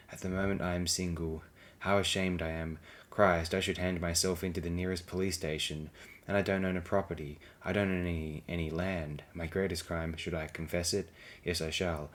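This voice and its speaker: A man's voice: deep voice, little pitch movement, normal speed. A man reading blog posts aloud as an audiobook, with a dry, sardonic delivery. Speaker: audiobook reader.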